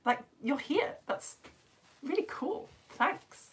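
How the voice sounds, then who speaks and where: A chatty British woman runs a live online science lesson for home-educated kids, greeting viewers and reading their chat messages aloud. Her voice sits fairly high and swoops all over the place with animated, enthusiastic energy, and she laughs readily. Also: slow pace, a little hiss or hum. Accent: British English. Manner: bubbly, chatty, laughs often.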